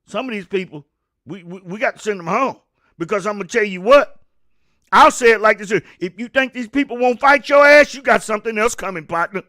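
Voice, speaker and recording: Guy ranting on his show, real high voice, sharp and bright, stammers a lot. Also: a little fast. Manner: fiery, preachy, repeats and stammers, Southern US slang. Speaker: host of a commentary show. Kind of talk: opinion rant to camera.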